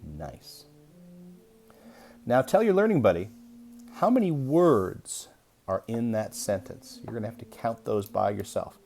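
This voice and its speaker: A young adult man teaching an early-grade reading lesson, reading aloud slowly and deliberately to young children. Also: mid-range voice, expressive, vocal fry, a little mellow, slight background noise.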